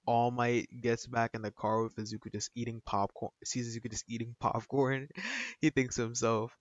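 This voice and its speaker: A man's voice: mid-range voice, normal speed, no echo. A man casually retelling a fan story in a rambling, slangy way with many fillers. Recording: dull, dry lo-fi recording.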